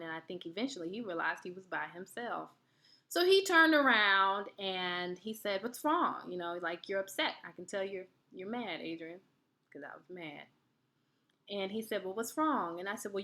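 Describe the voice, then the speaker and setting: Bright chatty woman giving relationship tips, tells funny stories, laughs a lot. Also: mid-range voice. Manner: chatty and animated, laughs while telling stories. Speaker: wellness video host. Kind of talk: storytelling advice talk.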